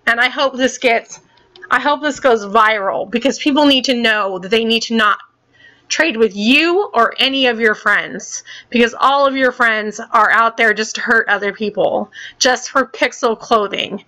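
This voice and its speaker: This is a woman ranting on her own vlog, angry and swearing as she keeps repeating herself. Her voice sits a bit high and comes across bright and forceful. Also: normal speed. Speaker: gaming channel host.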